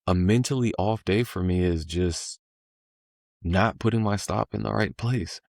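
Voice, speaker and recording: A deep-voiced man chats casually as a podcast guest, loose and slangy as he tells his story. The sound is dry and close, with no room around it. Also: unhurried, vocal fry, dry recording. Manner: laid-back slangy storytelling, animated when voicing the market.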